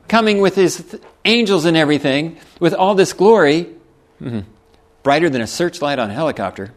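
A man preaching a sermon, reading scripture aloud and explaining it in a folksy way with chuckles. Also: a little high.

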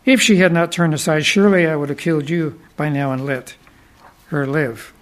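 A stern angel delivering a rebuke, read by a preacher in his own voice. The lines are measured and solemn. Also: fairly high pitch, steady tone, lightly acted.

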